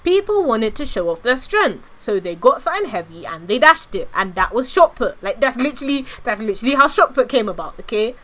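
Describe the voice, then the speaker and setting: A woman's voice: on the high side, sing-song, fairly quick, few pauses, a bit bright. A young British woman chatting casually on a live stream, giggly and reading out chat. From Britain.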